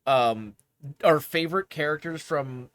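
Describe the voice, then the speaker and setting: A man's voice: on the high side, measured pace, fairly bright tone, no echo. A young man streaming and chatting casually with his viewers in a rambling way, laughing often.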